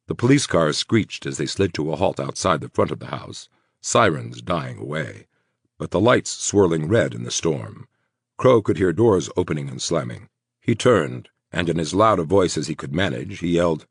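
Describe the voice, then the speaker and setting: Deep gravelly male audiobook narrator, lively delivery, dry close sound. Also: normal speed, no room sound. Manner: dramatic, expressive reading. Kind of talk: scripted horror narration.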